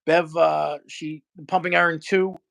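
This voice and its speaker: A man's voice: a little high, flat delivery, measured pace, creaky, fairly bright tone. A man hosting a casual chat, chiming in with eager agreement. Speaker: host.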